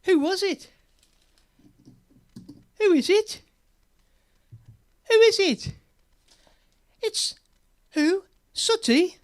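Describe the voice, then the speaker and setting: A man putting on a sing-song, coaxing voice of a children's TV presenter, pitched high and loud. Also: lively intonation, very slow, long pauses, heavily acted. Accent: British.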